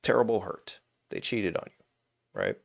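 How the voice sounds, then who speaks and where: Gravelly low-voiced man teaching on stream. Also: wildly swooping pitch, moderate pace, no room sound, studio quality. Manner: informal and blunt, swears, many "right?" tags. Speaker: host of a spirituality and money live stream. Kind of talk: casual live-stream teaching.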